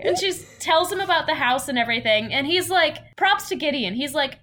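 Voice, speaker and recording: A woman's voice: high-pitched, expressive, a little fast, hardly any pauses, bright, forceful tone. A woman co-hosting a casual podcast, retelling a novel's plot and acting out the characters' lines with plenty of laughter. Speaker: podcast co-host. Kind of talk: casual book chat.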